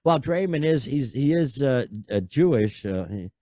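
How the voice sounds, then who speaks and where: This man hosts a podcast with an expressive, unhurried, dark-toned mid-range voice. His casual talk rambles and sounds exasperated, full of fillers and sighs, captured in a dry, studio-quality recording.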